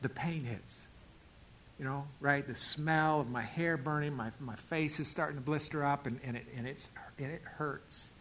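A middle-aged male pastor telling a story in a sermon, acting out the dialogue and swinging from loud outbursts to quiet asides. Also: on the high side, moderate pace, a little hiss or hum, poor audio. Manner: animated, acts out dialogue with big swings in loudness.

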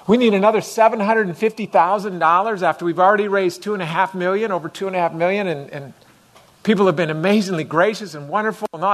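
Middle-aged guy pastor giving a sermon, talky and animated, voice sits a bit high. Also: fast talker. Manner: conversational, acts out voices with rising intensity.

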